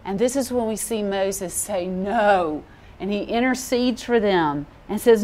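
A woman's voice: mid-range voice, measured pace. A woman giving a casual Bible teaching, reading scripture aloud and acting out the people in the story. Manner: conversational, animated, acts out quoted voices.

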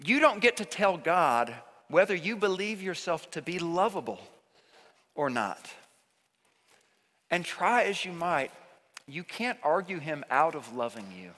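A man's voice: high-pitched, fairly bright tone. A man preaching a sermon as pastor, earnest and emphatic, often repeating himself for emphasis. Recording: long hall reverb.

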